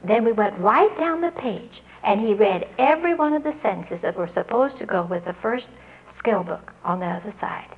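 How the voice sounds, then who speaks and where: A woman telling an audience how she taught a student to read. She speaks earnestly and spells out letters and their sounds slowly. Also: mid-range voice, expressive, phone-quality sound. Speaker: literacy teacher giving a talk. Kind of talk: storytelling address to an audience.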